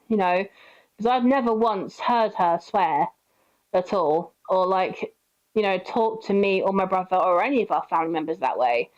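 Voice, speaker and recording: A woman's voice: medium pitch, animated, normal speed, a little mellow. Woman in her twenties, chatty storytime vlogger; rambling delivery, muffled lo-fi mic. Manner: rambling, with many fillers and acted quotes. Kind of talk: casual storytime monologue. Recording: dull lo-fi recording.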